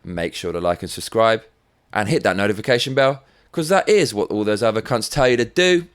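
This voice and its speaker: A man's voice: lowish voice, animated, a little fast, smooth. An English man hosting his own show, delivering sweary, sarcastic commentary on the week's news. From England. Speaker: show host. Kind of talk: ranting commentary.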